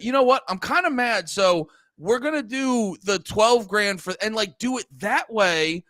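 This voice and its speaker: A man's voice: sits high, a little slow, hardly any pauses, no echo, studio quality. A man chatting casually about movies as a podcast co-host, rambling and acting out his reactions. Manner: animated, rambling, acts out what he thought.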